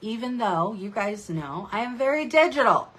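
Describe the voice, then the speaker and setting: A woman's voice: a little high, very animated, normal speed, fairly bright tone, breathy edge. A middle-aged woman giving a casual training talk to her sales team, chatty and upbeat, with frequent ums and restarts. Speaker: direct sales team leader.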